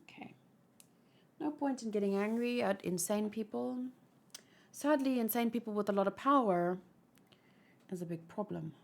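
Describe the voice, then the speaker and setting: A woman's voice: medium pitch, normal speed, vocal fry, pauses often. A woman hosting a manga read-along, reading a comic aloud and adding emotional, rambling commentary.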